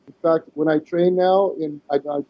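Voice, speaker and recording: Animated storytelling man in his forties. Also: on the high side, normal speed. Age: 40s. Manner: animated storyteller, acts out quotes, many restarts. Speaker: guest. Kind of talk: casual podcast chat. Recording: dull lo-fi sound.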